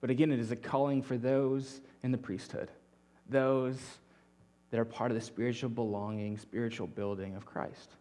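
A young adult man preaching a sermon as pastor, earnest, often dropping his voice softly at the ends of phrases. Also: mid-range voice, little pitch movement, moderate pace. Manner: earnest, drops to a soft near-whisper at phrase ends.

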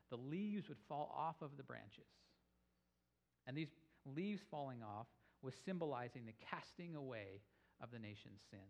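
A man's voice: mid-range voice, vocal fry. A man preaching a sermon on scripture, telling the story with energy and raising his voice for emphasis. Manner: animated storytelling, rising with emphasis. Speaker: pastor. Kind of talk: sermon teaching.

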